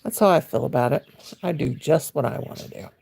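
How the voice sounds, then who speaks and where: Gravelly older woman chatting. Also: low-pitched, animated, a little fast, darkish tone, a little hiss or hum. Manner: folksy, chatty, reads and answers viewer comments. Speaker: crochet livestream host. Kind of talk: casual livestream chat. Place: at home, sitting in her chair.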